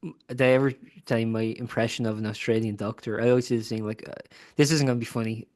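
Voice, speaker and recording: A man's voice: mid-range voice, fairly even intonation, quick pace, darkish tone. Laughing, rambling male podcast host. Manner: rambling, laughing, mock voices. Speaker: podcast interviewer. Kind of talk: casual chat.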